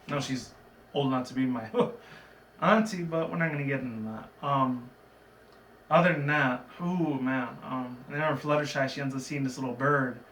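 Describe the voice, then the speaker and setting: A man's voice: medium pitch, moderate pace, a bit bright. Rambling man recapping a cartoon. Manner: chatty, digressive, with frequent fillers and laughs. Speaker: cartoon episode reviewer. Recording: roomy, from a distant mic, faint background noise.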